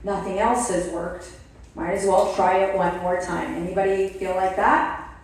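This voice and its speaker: A woman speaking to an event audience, telling her own story with animated play-acting of her past reactions. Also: medium pitch, normal speed. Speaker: speaker at a wellness product event. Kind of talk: motivational testimonial talk to an audience. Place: event hall. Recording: echoey room, voice from far off the mic.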